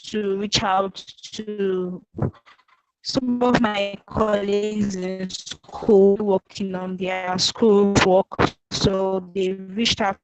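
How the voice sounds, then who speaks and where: A woman giving a polite, steady update on her team's work on an online call. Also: medium pitch, low-quality recording. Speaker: fellowship student. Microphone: video call.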